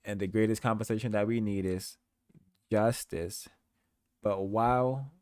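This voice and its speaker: A male host speaks slowly and deliberately in a slightly low voice, earnest and emphatic. The sound is dry and close, with no room around it. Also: darkish tone, dry recording. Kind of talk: commentary.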